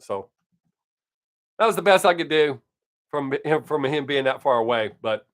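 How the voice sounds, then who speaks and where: Older man, profane, blunt, slightly high voice, casual live stream chat. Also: animated, normal speed, a bit bright.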